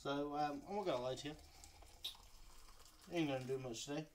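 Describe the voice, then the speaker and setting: Scottish guy, diary vlog, slightly high voice, loose and sweary, fillers everywhere. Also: fairly quick, background noise. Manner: rambling, sweary, lots of fillers; self-mocking with chuckles. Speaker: vlogger.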